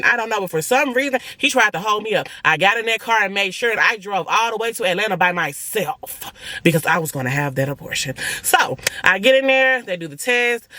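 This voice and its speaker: A young woman, telling viewers an emotional personal story in a blunt, animated, profane way. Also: mid-range voice, no room sound. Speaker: family vlogger.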